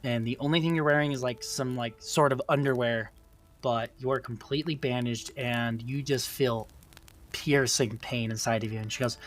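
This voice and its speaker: A man's voice: mid-range voice, steady tone, normal speed, soft background music. Man narrating a tabletop game. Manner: rambling, many fillers like "um" and "like". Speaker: game master.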